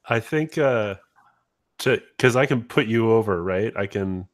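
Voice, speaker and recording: A man's voice: on the low side, lively intonation, measured pace. A man playing a tabletop wrestling game, thinking aloud eagerly over a video call. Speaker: player. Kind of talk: casual tabletop game play.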